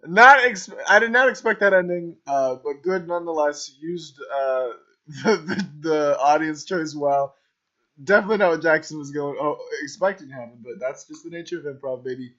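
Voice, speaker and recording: A man's voice: a little high, moderate pace, bright, forceful tone. A man coaching an improv troupe, casually commenting over a video of their scene in a rambling way, full of ums and "right?". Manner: rambling, filler-heavy, keeps asking "right?". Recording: dull lo-fi voice recording.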